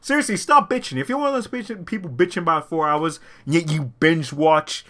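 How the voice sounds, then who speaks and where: A young man rambling excitedly about a movie in an unscripted rant, swearing a lot, his throat sore from talking. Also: fairly high pitch, fairly quick. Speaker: movie vlogger.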